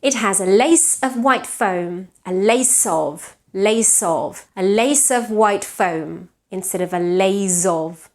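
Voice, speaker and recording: Catalan-accented woman teaching pronunciation. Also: medium pitch. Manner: clear, deliberate teaching, slows down to model words, frequent check-ins like "yes?". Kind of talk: online pronunciation lesson.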